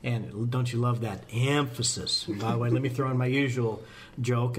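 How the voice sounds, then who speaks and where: A man's voice: mid-range voice, fairly even intonation, a little fast. Folksy rambling American man. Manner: folksy, rambling, jokes at himself. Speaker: fire service presenter. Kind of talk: casual podcast talk.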